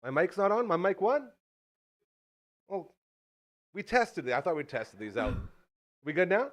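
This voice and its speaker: A man's voice: high voice, very animated, a little slow. A man hosting a live show, out of breath and talking in a hyped, jokey, self-mocking way. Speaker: host.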